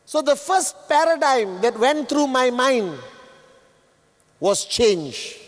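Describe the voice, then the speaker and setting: A man giving a motivational stage speech, emphatic and repetitive, sometimes shouting at the audience. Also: very high voice, sing-song, takes it slowly. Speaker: motivational speaker. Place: large event hall. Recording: long reverb of a large hall.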